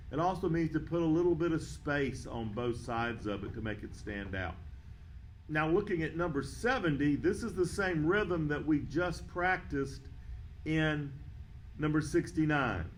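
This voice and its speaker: A man teaching a band lesson, counting beats aloud and explaining rhythm in a steady, patient way. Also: a little high, slight background noise, rough recording. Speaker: music teacher.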